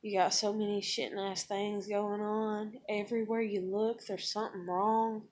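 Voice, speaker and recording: A woman venting in a personal vlog, blunt and emotional, swearing often as she talks about her life. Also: normal speed. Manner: acts out others in higher excited voices. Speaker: vlogger.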